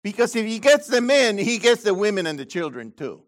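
A man preaching a sermon as pastor, swinging between loud high emphasis and low quiet asides. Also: sing-song, brisk.

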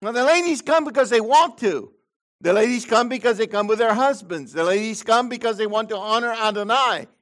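A man preaching a sermon as pastor, swinging between loud high emphasis and low quiet asides.

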